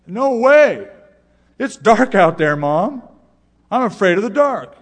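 A man voicing a frightened little boy who refuses to go out in the dark, loud and pleading. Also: high voice, moderate pace, voice pushed up, lightly acted. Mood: scared.

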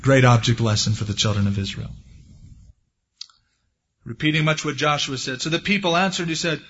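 A man's voice: medium pitch, moderate pace, pauses often. A man preaching a sermon, retelling scripture in a folksy storytelling way and acting out the quotes. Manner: folksy storytelling, acts out quotes with lively swings. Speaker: pastor. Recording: dull lo-fi sermon recording.

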